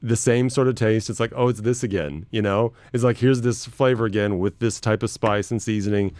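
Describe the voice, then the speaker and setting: A man's voice: fairly low pitch, a little fast, darkish tone, no room sound. Laid-back chatty man, dry close sound. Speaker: radio show host. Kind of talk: casual chat.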